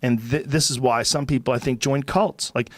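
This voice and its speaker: A man's voice: mid-range voice, fairly even intonation, normal speed, no echo. Casual podcast host, man. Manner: loose, profane, reacts with short interjections. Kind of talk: casual chat.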